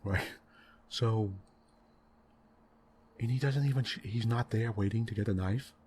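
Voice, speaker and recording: A man in soft-spoken gaming commentary, rambling and exasperated as he rants about a game's story, full of "right?" and "you know" fillers. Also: fairly low pitch, measured pace, a little hiss or hum. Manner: rambling, exasperated ranting about a game plot; frequent tag questions and fillers. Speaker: gaming channel host.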